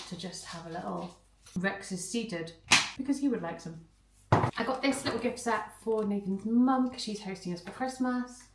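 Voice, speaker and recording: A young woman talks straight to her viewers in a relaxed, chatty vlog. She is giggly and breaks into quick bursts of excitement, with a voice of ordinary pitch. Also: reverberant, heavy background noise. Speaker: vlogger and personal trainer. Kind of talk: casual vlog chat.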